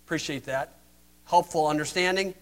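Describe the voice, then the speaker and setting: An older American man preaching a sermon, mocking and sarcastic, swinging from loud emphasis to hushed asides. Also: a little high, moderate pace.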